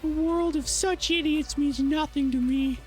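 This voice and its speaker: A streamer voicing a boastful, pompous teenage fan-comic creator in a visual novel, speaking in a grand, drawn-out way during a live stream. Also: high-pitched, steady tone, a little mellow, faint music behind, voice pushed up. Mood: grandiose. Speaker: VTuber streamer.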